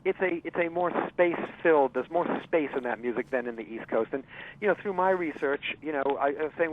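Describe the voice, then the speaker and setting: A man's voice: a little high, brisk. Chatty man storytelling over a phone line. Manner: animated storyteller, many fillers and restarts. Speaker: interview guest, jazz writer. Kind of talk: storytelling radio interview. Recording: tinny phone-line sound.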